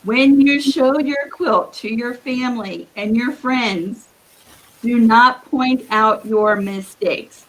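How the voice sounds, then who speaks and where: A woman giving earnest, encouraging quilting advice as a guest on a live video call, with a husky morning voice. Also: fairly high pitch, slow pace, a bit bright, poor audio. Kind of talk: live-streamed advice talk.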